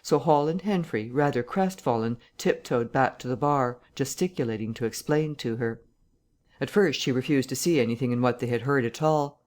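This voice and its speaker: An audiobook narrator reading a classic novel in a steady, even storytelling manner. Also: mid-range voice, normal speed.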